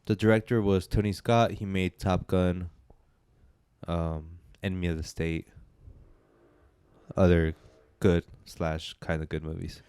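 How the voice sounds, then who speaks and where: A man co-hosts a casual movie podcast, joking and rambling, his energy rising and falling. His voice sits a little low and is smooth and clear. The sound is dry, with no room echo. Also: fairly even intonation, unhurried, pauses often, a little mellow. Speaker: podcast co-host. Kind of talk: casual chat.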